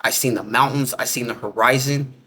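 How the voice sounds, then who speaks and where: Man, casual storyteller, rambling with lots of fillers, restarts, everyday grammar, mid-pitched voice. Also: steady tone, fairly quick, bright, forceful tone, slightly rough. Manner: loose, rambling talk full of "like" and restarts. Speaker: interviewee telling a near-death experience.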